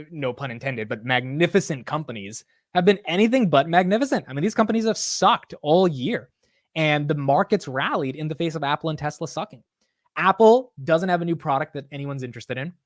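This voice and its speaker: A man hosting a market show, reacting to news clips in casual commentary. He is excitable and slangy and swears freely. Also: on the high side, dry recording, clean studio sound.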